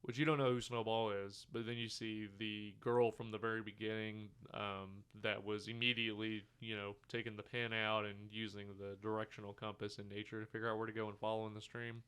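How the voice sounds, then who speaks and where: Fairly quick and barely pausing, a co-host on a casual movie podcast animatedly recounts a film's scenes, slipping into the characters' dialogue and cursing as he goes. His voice is a bit low but bright and smooth.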